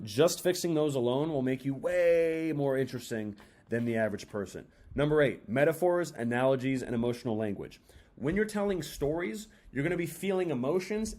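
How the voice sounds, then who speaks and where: A young man giving casual storytelling tips, energetic and expressive, acting out short example stories with shifting emphasis and pacing. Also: medium pitch. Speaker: storytelling coach. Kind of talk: casual instructional talk.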